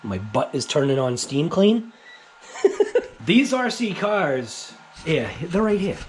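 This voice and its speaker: A man with a New England accent, hosting a casual, rambling vlog about RC cars, chatty and quick to laugh. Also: on the high side, big pitch swings, a little mellow, a little hiss or hum. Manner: chatty, laughs often, many fillers. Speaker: RC car channel host.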